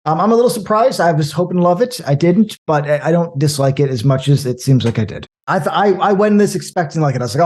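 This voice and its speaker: A man talking casually about movies, rambling and animated, with frequent restarts. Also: on the high side, fast, hardly any pauses. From American Midwest. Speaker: podcast guest.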